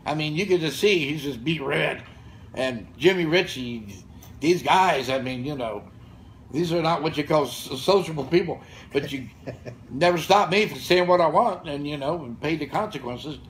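A man's voice: a little high, normal speed, fairly bright tone, a little hiss or hum, rough recording. Blunt, fired-up older man telling stories. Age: 60s. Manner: blunt, profane, fired-up storytelling. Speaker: podcast guest and gym founder. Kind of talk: casual podcast storytelling. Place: gym or studio with room ambience.

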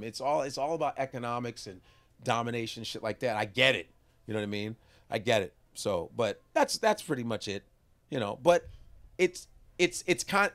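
A man, a comedian, chatting casually in an interview, profane and animated. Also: medium pitch. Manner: profane, animated, slips into impressions.

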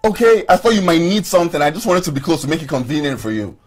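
A man's voice: on the high side, big pitch swings, fast. A man playing an earnest man who insists on caring for a pregnant woman, talking in a pleading, defensive way. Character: earnest man, insistent, eager to care for her. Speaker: man trying to stay close to a pregnant woman. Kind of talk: film acting.

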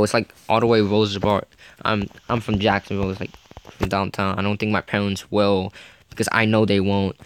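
A man's voice: on the low side, little pitch movement, normal speed, smooth, no room sound. A man telling a frustrated, rambling story to camera, re-enacting both sides of a conversation. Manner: frustrated, rambling, heavy on "like" and "you know", re-enacts dialogue. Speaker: vlogger. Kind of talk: casual ranting story to camera.

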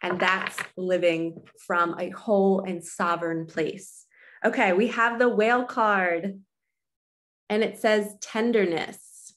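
A woman spiritual coach giving an earnest, nurturing talk to her viewers from her apartment, casual and direct. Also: mid-range voice. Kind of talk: casual motivational monologue.

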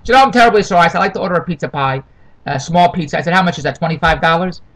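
A man's voice: a little high, racing, fairly bright tone, rough recording. A middle-aged man rambling through a comic, complaining monologue, repeating himself and wandering off on tangents. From Toronto. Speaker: vlogger.

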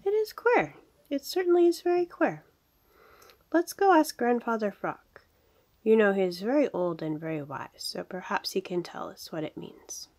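A bright, eager young muskrat buzzes with curiosity, his calls jumping high above a woman's husky reading voice. He sounds like a friendly storybook animal, quick to puzzle and quick to shout. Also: expressive, lightly acted. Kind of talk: storybook read-aloud.

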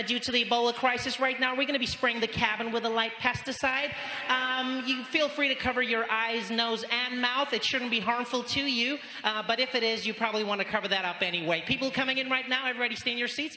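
A comedian putting on a breezy woman flight attendant making announcements, bright and quick with a casual sing-song. The voice rings out in a big hall with a long tail of reverb. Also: extremely high pitch, pitched above the performer's own voice, full character voice. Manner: chirpy announcer cadence, offhand. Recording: live show in an echoey hall with long reverb.

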